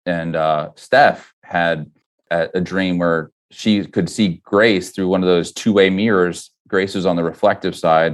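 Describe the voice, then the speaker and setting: Deep-voiced man telling a faith story. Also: darkish tone. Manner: earnest, halting, with frequent restarts and "you know". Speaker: guest, company founder. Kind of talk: personal faith story in a podcast interview.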